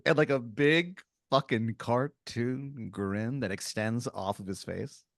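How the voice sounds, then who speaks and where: A man's voice: medium pitch, slow, creaky, no room sound. A man in the middle of his range spins an improvised comic tale in a meandering, stop-start way. He piles up fillers and restarts as he goes. The recording is close and dry, with no room sound. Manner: rambling, full of fillers and restarts. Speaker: podcast co-host. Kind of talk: improvised comedic storytelling.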